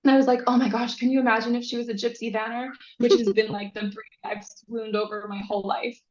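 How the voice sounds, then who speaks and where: Casual chatty woman guest, lots of "like", kinda high voice, echoey and a bit muffled. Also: fast talker. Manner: animated, acts out quoted voices, frequent "like". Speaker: podcast guest. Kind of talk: casual storytelling. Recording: echoey, dull lo-fi sound.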